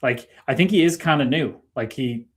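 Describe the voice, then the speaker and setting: A relaxed, chatty man hosting a livestream. He talks loosely and warmly with his co-host. He reads viewer comments aloud in an easygoing way. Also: medium pitch, normal speed. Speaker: stream host. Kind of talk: casual livestream chat.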